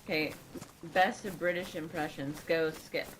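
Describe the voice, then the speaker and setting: A woman's voice: sits low, steady tone, unhurried, fairly bright tone, slight background noise, low-quality recording. A woman teasing and laughing crudely with friends during game role-play. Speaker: roleplay player. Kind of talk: casual in-game roleplay banter.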